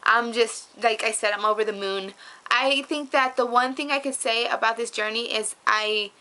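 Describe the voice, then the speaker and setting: Bubbly middle-aged woman vlogging, bright fairly high voice, gushes and repeats herself. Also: steady tone, normal speed. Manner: bubbly and effusive, repeats words for emphasis. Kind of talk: casual upbeat weight-loss update vlog.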